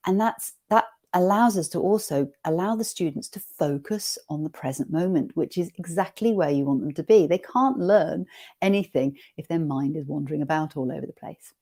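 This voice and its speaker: A woman with a low, mellow voice runs an online teacher-training session. She talks in a gentle, inviting way as she guides listeners through a calm exercise. Her voice comes through a computer mic on a video call. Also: moderate pace. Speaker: teacher trainer leading a webinar.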